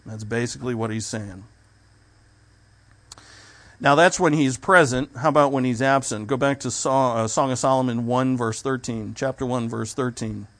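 A man's voice: mid-range voice, moderate pace, fairly bright tone. A man preaching a sermon in a conversational way, stopping and restarting his sentences as he explains a scripture.

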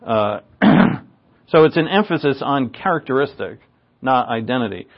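A man of middle pitch gives an expository Bible lesson. He leans hard on key words and clears his throat often. The recording is a little dull and lo-fi. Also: animated, normal speed. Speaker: Bible teacher. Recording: slightly dull lo-fi sound.

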